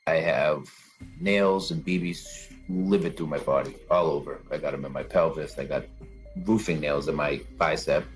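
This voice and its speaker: With faint music playing behind him, a man speaks at normal speed in a rumbling low voice about surviving a bombing. As an interview guest, he relates his personal story in a plain, conversational way.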